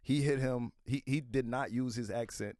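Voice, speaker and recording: A middle-aged man, a comedian guest, talking casually and animatedly on a podcast, now and then breaking into loud impressions. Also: medium pitch, steady tone, moderate pace, no echo, clean studio sound.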